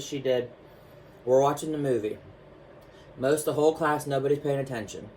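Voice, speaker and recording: A man vlogging, telling a personal story in a chatty, animated way with lots of fillers while showing his artwork. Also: mid-range voice, a little fast, pauses often, slight background noise.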